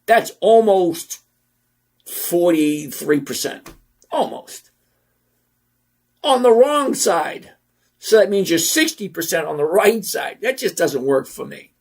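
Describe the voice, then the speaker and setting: With a high voice and big pitch swings, a middle-aged stock trading channel host talks through the numbers shown on screen. He teases and uses sarcasm casually, restating points slowly to drive them home.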